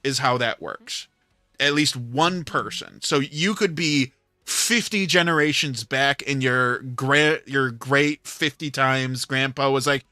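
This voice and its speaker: A man's voice: mid-range voice, takes it slowly, pushed and bright, dry recording, clean studio sound, soft background music. A man hosting a livestream, telling a rambling story in casual chat with plenty of filler words. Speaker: livestream host.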